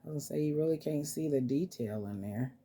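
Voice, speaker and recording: A woman's voice: sits low, fast talker, dark tone, slightly rough. A woman vlogger chatting casually and cooing to her dolls as she shows them off. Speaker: vlogger showing reborn dolls. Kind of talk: casual vlog chat.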